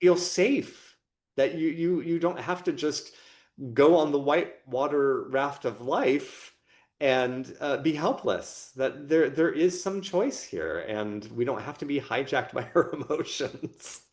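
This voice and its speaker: A man co-hosting a podcast, talking expansively about performance training and emotions in a relaxed conversational way. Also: a little high, slow. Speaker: podcast co-host.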